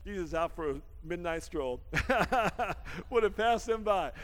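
A man preaching a lively sermon, laughing often and swinging from shouts down to hushed asides, with a folksy habit of saying "man.". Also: high voice, slow, long reverb tail. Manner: folksy, calls everyone "man". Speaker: pastor.

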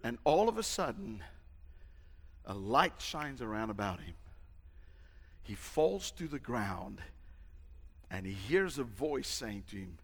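A male pastor preaching a sermon, emphatic and dramatic, shouting at the peaks. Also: medium pitch, sing-song, slow, pauses often. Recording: long hall reverb.

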